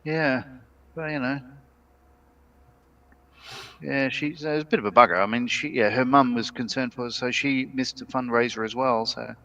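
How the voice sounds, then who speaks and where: A man with an Australian accent, co-hosting a casual modelling livestream, talking in a relaxed, rambling way with many fillers. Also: mid-range voice, moderate pace, long pauses, muffled recording. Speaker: co-host.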